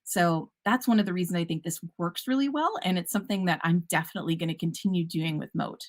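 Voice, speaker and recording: A woman's voice: fairly low pitch, fast talker. A woman teacher giving a conference presentation, upbeat and enthusiastic, with casual fillers and self-corrections. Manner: upbeat, enthusiastic, a bit punny.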